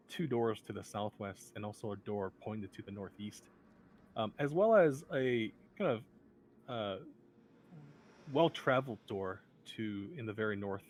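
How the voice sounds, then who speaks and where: A man's voice: fairly low pitch, a little hiss or hum. A man narrating a tabletop game as game master, hesitant, with many ums and uhs.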